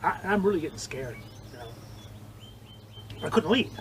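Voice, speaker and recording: An older man telling vivid stories in an interview, acting out quoted lines and swinging between loud and hushed. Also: a little high, takes it slowly, noisy background. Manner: animated storyteller, acts out quotes, swings loud and soft. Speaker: interviewee, former judo training partner. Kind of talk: storytelling interview.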